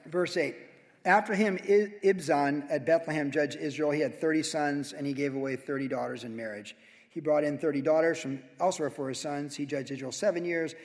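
A man preaching a verse-by-verse sermon in an animated, conversational way, with sudden loud emphasis. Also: fairly high pitch, brisk, big-room sound. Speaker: pastor.

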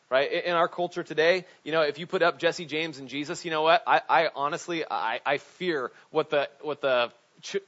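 A man preaching a sermon in a chatty, animated way, with frequent restarts and asides. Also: fairly high pitch. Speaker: pastor. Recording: dull lo-fi recording.

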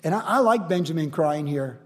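A man preaching a sermon in an animated, conversational way, often acting out quoted voices. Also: a little high, a little fast, big-room sound. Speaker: pastor.

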